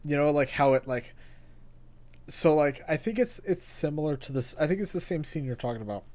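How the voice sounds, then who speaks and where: A young man co-hosting a casual podcast chat, excitable and rambling, often restarting his sentences. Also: fairly high pitch, a little fast. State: hiccups. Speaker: podcast co-host.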